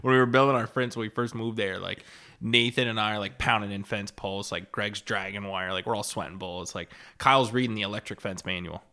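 A young man talking casually as a podcast guest, with a fairly low voice. He rambles through his stories and fills them with "like" and "right?". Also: fairly even intonation, fairly quick, bright, forceful tone. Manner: rambling storyteller, heavy use of "like". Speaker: podcast guest, loan consultant and farmer. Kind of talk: casual conversation.

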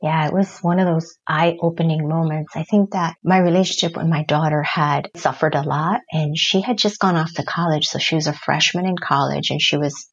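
A middle-aged woman speaks earnestly and reflectively, opening up about her own life as a guest in an interview. Her voice is husky and sits a little low. The recording sounds somewhat dull and lo-fi. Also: steady tone, normal speed, few pauses. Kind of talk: personal storytelling in an interview.

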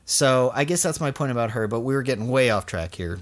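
A man's voice: mid-range voice, animated, fast. A man co-hosting a casual political chat, arguing his points and swearing freely.

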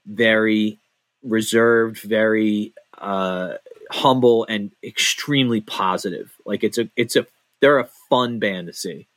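A man's voice: lowish voice, takes it slowly, dry recording. A man co-hosting a podcast from his home, rambling in casual chat with frequent restarts and casual swearing. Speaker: podcast co-host.

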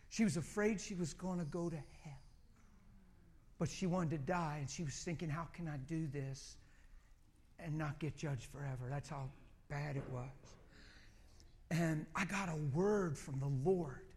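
A middle-aged man preaching, telling a personal story in an animated way and often repeating words. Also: high-pitched. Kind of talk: sermon.

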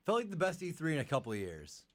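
A man's voice: on the high side, wildly swooping pitch, quick pace, a bit bright. A man co-hosting a podcast, chatting casually with lots of "like", sounding congested from allergies. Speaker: podcast co-host.

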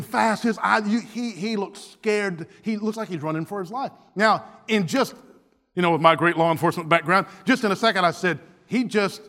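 A pastor in a church sanctuary delivers a sermon as a humorous story full of quick restarts, his high voice bright and forceful, with the long reverb of a church hall.

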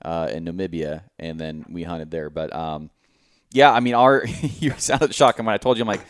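Low, crisp-voiced man hosting a podcast. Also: dry recording, studio quality. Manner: rambling, halting with many restarts, laughs often. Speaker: podcast host. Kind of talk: casual podcast conversation.

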